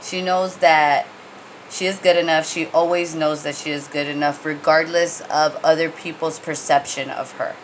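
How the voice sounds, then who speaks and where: A woman's voice: deep voice, flat delivery, moderate pace, slight background noise, rough recording. A woman giving a casual tarot reading, rambling and conversational with many fillers and restarts, and blunt when she gets heated. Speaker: tarot reader.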